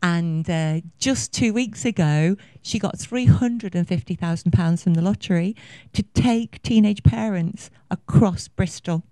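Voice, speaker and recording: A woman in her fifties gives a conference talk at a venue, her low-leaning, warm voice moving at a measured pace with hardly any pauses. She's effusive and passionate, rambling with plenty of fillers, and there's no room sound.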